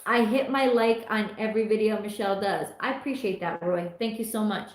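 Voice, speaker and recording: A middle-aged woman hosts a tarot livestream, chatting casually, reading viewer comments aloud and laughing often. Her medium-pitched voice is steady and brisk, and the room sounds echoey.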